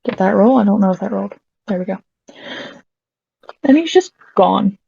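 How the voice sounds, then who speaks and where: A woman running a tabletop game as game master in a casual voice chat, pausing to check rolls. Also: mid-range voice, expressive, gravelly, mellow, breathy edge, dry recording. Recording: muffled lo-fi voice chat.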